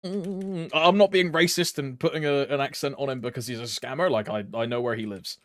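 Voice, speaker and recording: A man's voice: medium pitch, a little fast, no room sound. A young man chatting casually while streaming a game, rambling, laughing often and using crude slang.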